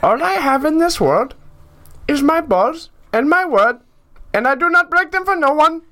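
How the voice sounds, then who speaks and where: A man putting on a Middle Eastern accent with a lisp, declaiming a movie quote in a high, strained voice. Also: expressive, moderate pace, sharp tone, heavily acted. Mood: proud vow. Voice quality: lisping.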